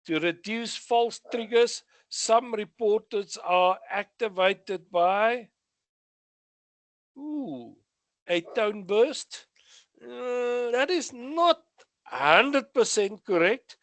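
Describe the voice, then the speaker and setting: Slow-speaking South African male instructor. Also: high-pitched, fairly bright tone, dry recording. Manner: reads questions then gives answers with asides. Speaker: radio exam instructor. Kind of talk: exam revision lesson.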